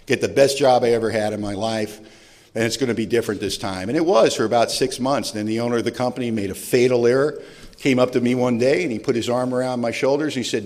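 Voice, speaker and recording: A man's voice: mid-range voice, fast. A man in his forties telling his own recovery story to an audience, with a self-deprecating, humorous way of talking. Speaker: recovery meeting speaker. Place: large event hall. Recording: long reverb of a large hall.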